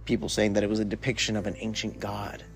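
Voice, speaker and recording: A young man hosting a solo podcast, rambling in a laid-back way with lots of filler words while high. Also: monotone, fast talker. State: high from smoking weed. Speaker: podcast host. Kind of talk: casual solo podcast monologue.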